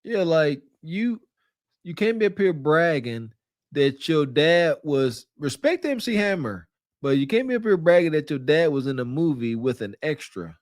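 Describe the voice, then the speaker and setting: A man's voice: fairly high pitch, sing-song, moderate pace, dry recording, clean studio sound. A man hosting a podcast, giving teasing, incredulous reaction commentary and laughing at what he hears. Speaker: podcast host.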